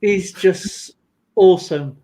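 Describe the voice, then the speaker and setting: A man chatting casually on a livestream, rambling through an animated story with lots of fillers. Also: high-pitched, slow pace, rough recording. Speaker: guest on a livestream. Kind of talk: casual chat.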